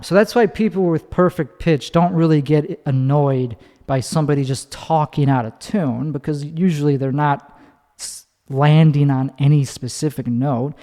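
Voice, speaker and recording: A man's voice: a little slow, warm tone. Rambling profane man, echoey room. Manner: rambling, profane, restarts often, demonstrates pitch with his voice. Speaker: podcast host. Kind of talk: casual rambling monologue.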